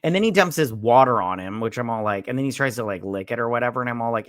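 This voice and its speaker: Guy on a boozy movie podcast, crude jokes, blunt, middle pitch, dry close sound. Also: animated, fast, few pauses, no room sound. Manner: crude, blunt, jokey retelling with put-on quotes. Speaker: podcast co-host. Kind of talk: casual drunk movie recap.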